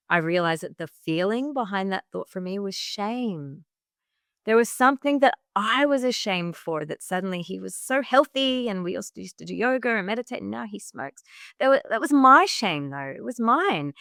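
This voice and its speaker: A woman's voice: mid-range voice, a bit bright, no room sound, studio quality. A woman podcast guest, a women's health coach, telling her personal story in earnest and acting out what she once said, with many "like" fillers. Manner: earnest, acts out her own past remarks in quotes; frequent "like" fillers.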